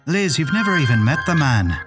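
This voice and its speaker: Narrator as a blustering gruff man, sneering and doubtful. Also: a little high, very animated, a little fast, over music, pitched above the performer's own voice.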